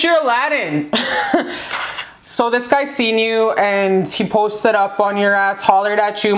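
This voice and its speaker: A woman's voice: mid-range voice, reverberant. A woman giving a casual pick-a-card tarot reading, gushing and profane.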